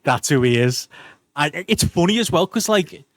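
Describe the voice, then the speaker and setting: A man's voice: on the high side, animated, moderate pace, no room sound, studio quality. A man, a podcast co-host, talking in a loose chatty way with many fillers and laughs. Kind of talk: casual podcast review chat.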